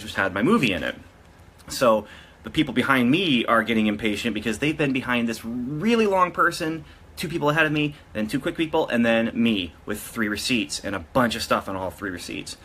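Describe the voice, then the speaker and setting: A man's voice: medium pitch, lively intonation, fairly quick, sharp tone, slightly rough. A man casually telling a story to his video audience, rambling and often restarting his sentences. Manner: rambling, with frequent restarts and self-corrections. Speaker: vlogger.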